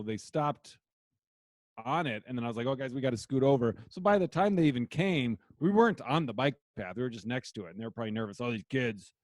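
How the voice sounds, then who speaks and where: A man co-hosting a podcast, telling a story in a relaxed, casual way that often drops quiet. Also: medium pitch, no room sound. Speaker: podcast co-host. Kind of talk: casual chat.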